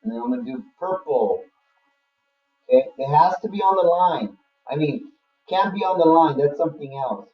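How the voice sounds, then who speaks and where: Man, math teacher, online class, higher voice, dull lo-fi audio. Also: animated, moderate pace, breathy edge, faint music behind. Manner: casual, talks to students by name.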